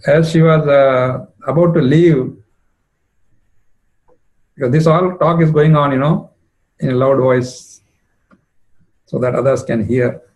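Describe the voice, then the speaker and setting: A man's voice: medium pitch, steady tone, takes it slowly, pauses often, a little mellow, low-quality recording. A man retelling a devotional story as a preacher, conversational with frequent fillers. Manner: conversational, many "you know" fillers.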